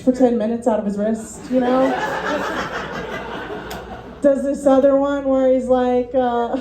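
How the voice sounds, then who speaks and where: A woman's voice: fairly high pitch, fairly even intonation, slow, pauses often, roomy sound, noisy background. A woman doing a rambling, self-deprecating stand-up set at a student showcase, full of ums and little laughs, as the class's comedy teacher.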